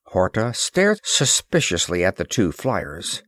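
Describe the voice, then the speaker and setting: A male narrator tells the tale with expressive, dramatic phrasing. His voice sits low, moves slowly and rises and falls in lively swings. The recording is dry and close to the mic. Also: no room sound. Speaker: audiobook narrator. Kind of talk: scripted narration.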